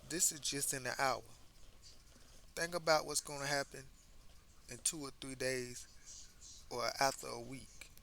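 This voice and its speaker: An American man hosts a casual commentary monologue, pressing his points emphatically and stumbling over repeated words. His voice has a gravelly, creaky edge and a bright, forward tone. A faint hiss of background noise sits under the recording. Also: mid-range voice, steady tone, unhurried, pauses often. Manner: conversational, emphatic, repeats words when restarting. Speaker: commentary host.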